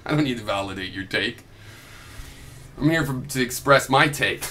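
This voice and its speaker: Combative, profane man with a bright voice. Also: mid-range voice, expressive, normal speed, a little hiss or hum. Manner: combative and profane, with sarcastic mock quotes. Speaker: video blogger replying to another vlogger. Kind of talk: argumentative reply video.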